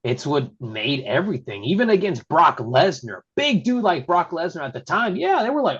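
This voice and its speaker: A man from Texas, a wrestling referee and podcast guest, telling stories in a casual interview and acting out quotes in a high voice. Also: moderate pace, husky. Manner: excitable storyteller who acts out quotes in a high voice. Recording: slightly muffled lo-fi audio.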